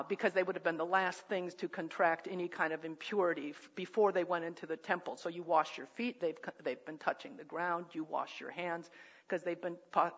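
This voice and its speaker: A woman's voice: on the low side, fairly bright tone, dull audio. Woman preaching a conversational sermon. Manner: thoughtful, conversational, with frequent fillers and restarts.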